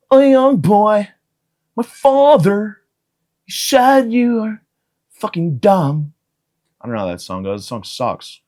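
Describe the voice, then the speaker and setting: Profane rambling podcast man. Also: lowish voice. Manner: profane, self-mocking, riffing. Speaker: podcast host. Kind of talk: rambling comedic monologue.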